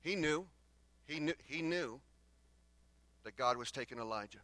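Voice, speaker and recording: A man preaching a sermon as pastor, swinging between loud bursts and hushed lines and acting out the exchanges between the prophets. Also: medium pitch, normal speed, dry recording. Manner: acts out the exchanges between the prophets in their own voices.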